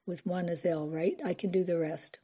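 A brisk, affectionate woman chatters with quick warmth, as a woman narrator reads her. The voice stays low and slightly husky, mellow in tone. It is an audiobook reading. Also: steady tone. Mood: chatty.

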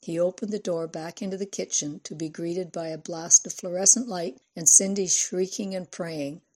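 A woman reads a novel aloud in an even, steady storytelling manner. Her voice is fairly low and has a husky, breathy grain. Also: moderate pace. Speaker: audiobook narrator. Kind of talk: scripted narration.

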